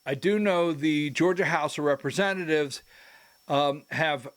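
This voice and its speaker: A man's voice: on the high side, unhurried, fairly bright tone, smooth. A man hosting a political commentary show who rambles, breaks into his own sentences and adds emphatic asides. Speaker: host.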